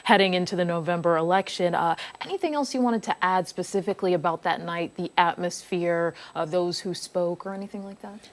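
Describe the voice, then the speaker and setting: A woman anchoring a local morning news show, with a smooth, polished presenter delivery. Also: lowish voice, fairly quick.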